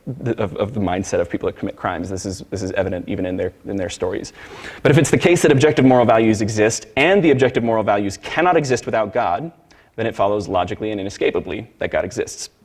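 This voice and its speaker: A man teaching a church Sunday school class, emphatic and direct with the group, often repeating words as he restarts. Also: fairly low pitch.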